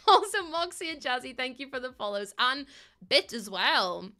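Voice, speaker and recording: A woman's voice: fairly high pitch, big pitch swings, brisk, bright, forceful tone, faint music behind. A young woman chatting casually with her live-stream viewers, bubbly and giggly. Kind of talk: casual live-stream chat while playing.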